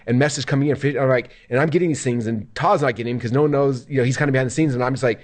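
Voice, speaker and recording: A man telling a personal story as an interview guest. He talks in a quick, casual way, fills gaps with "like", and acts out quoted lines. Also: medium pitch, a little mellow. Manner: rapid, filler-heavy, acts out quoted lines. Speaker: guest entrepreneur.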